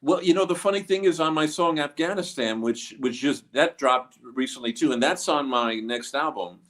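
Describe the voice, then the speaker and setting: A man's voice: a little high, normal speed, fairly bright tone. A man being interviewed about his music, talking in a rambling way with many fillers and restarts. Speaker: guest musician. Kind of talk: casual interview.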